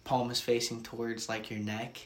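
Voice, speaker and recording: A man's voice: medium pitch, normal speed. Laughing, foul-mouthed young man. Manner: animated, laughing storyteller who swears freely. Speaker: podcast co-host. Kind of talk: casual chat.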